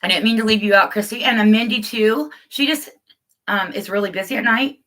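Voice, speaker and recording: A woman's voice: medium pitch, fairly quick, a bit bright. A woman chatting casually on a live stream, rambling and laughing, greeting viewers by name.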